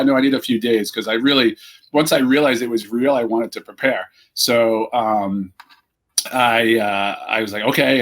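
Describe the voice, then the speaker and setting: A man's voice: lowish voice, fairly bright tone. A middle-aged man, a team founder and CEO, telling stories in a casual interview and acting out the quoted exchanges.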